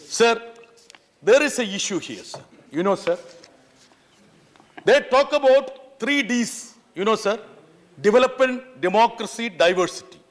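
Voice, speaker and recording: A man giving an impassioned parliamentary speech, often pleading "sir" and sometimes shouting. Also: sits high, lively intonation, unhurried, long pauses. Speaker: member of parliament. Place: large parliament chamber. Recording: long reverb of a large chamber.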